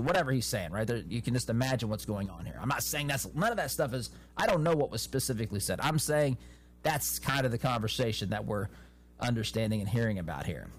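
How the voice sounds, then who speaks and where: A man hosting a political commentary show, reading news reports aloud and adding his own opinionated, animated remarks, often restarting phrases. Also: mid-range voice, fast, slight background noise.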